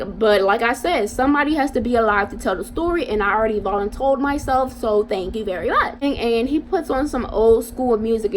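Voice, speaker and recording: A young woman vlogger telling a casual storytime in an animated, slangy way, talking straight to her viewers. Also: fairly high pitch, fairly quick, few pauses, a little hiss or hum.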